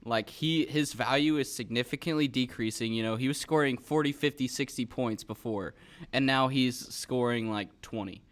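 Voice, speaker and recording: A man's voice: medium pitch, moderate pace. A man hosting a podcast, chatting casually and thinking aloud with fillers and restarts. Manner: conversational, with frequent fillers and restarts. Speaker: podcast host.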